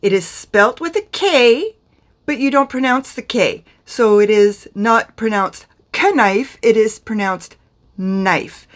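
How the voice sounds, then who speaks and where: A woman's voice: fairly high pitch, a little slow. A middle-aged woman from France teaching pronunciation to camera in a chatty, self-deprecating way. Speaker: beauty vlogger teaching pronunciation.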